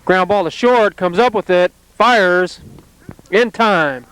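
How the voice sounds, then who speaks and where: A man calling play-by-play at an amateur softball game outdoors, in a calm, steady, plainly descriptive way. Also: high voice, takes it slowly, clear, resonant tone, no room sound, rough recording. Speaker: play-by-play announcer.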